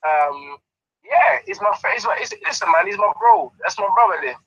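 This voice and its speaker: Boxing trainer, male, high lively husky voice, laughing storyteller. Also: normal speed, no room sound, dull audio. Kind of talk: casual interview chat.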